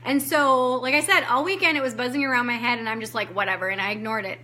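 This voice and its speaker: A woman with a bright, forceful voice set a little high tells a raw personal story as part of a coaching training. She speaks candidly and with feeling, acting out what she said and thought back then and swearing freely. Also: fast. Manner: candid, emotional storytelling, acting out her own past lines, casual swearing. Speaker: life coach giving a training.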